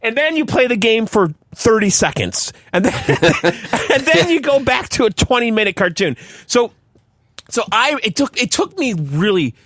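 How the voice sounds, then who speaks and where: A man's voice: extremely high pitch, sing-song, normal speed, fairly bright tone, no room sound. A man hosting a gaming podcast, talking animatedly and swearing freely in casual chat. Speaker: podcast host.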